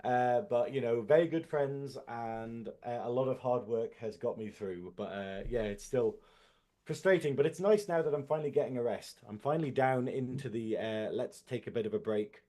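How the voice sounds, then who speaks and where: A man's voice: mid-range voice, moderate pace, dark tone. A man co-hosting a podcast over a video call, telling stories in a rambling, laughing way. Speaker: podcast co-host. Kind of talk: casual chat.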